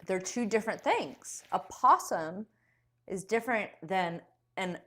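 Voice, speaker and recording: A woman's voice: medium pitch, moderate pace. A woman co-hosting a casual livestream, playful and teasing, laughing often. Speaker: livestream co-host.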